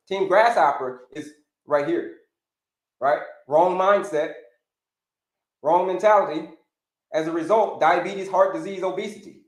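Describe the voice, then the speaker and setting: A man hosting a live stream as a health coach, talking in an animated way, repeating his phrases and calling his viewers folks. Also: sits high, a little slow, long pauses, reverberant.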